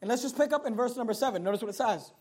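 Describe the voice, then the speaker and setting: Male preacher, very high voice, emphatic delivery with loud peaks and low drops, repeats himself. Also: very fast. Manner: emphatic, rising to near shouts and dropping low; repeats words and phrases. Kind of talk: sermon.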